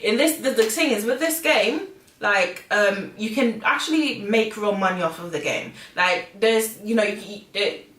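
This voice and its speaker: A woman's voice: medium pitch, a little slow, fairly bright tone. Hesitant woman, echoey and distant. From United Kingdom. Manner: hesitant, many fillers and restarts. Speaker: co-host. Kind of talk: casual conversation. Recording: echoey room, far from the mic.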